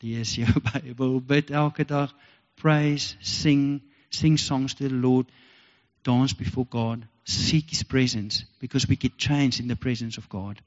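A man's voice: medium pitch, steady tone, slow. An earnest South African man preaches a heartfelt sermon, circling back to the same phrases. His voice carries a long reverb through a church hall. The recording is dull and lo-fi. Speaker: pastor.

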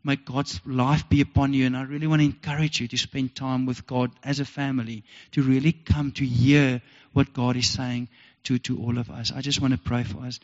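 A man's voice: mid-range voice, little pitch movement, moderate pace, few pauses, a little mellow. Man, South African accent, pastor, sermon, earnest, repetitive, reverberant hall, muffled lo-fi sound. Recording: dull lo-fi recording with long reverb.

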